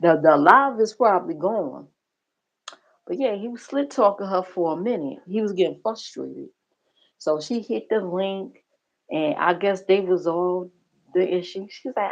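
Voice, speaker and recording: A woman's voice: fairly low pitch, measured pace. Woman w/ ranting on her stream, blunt n cussing, kinda dull lo-fi sound. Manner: blunt, profane, gossipy, talks straight to viewers. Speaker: livestream reaction host. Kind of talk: casual commentary.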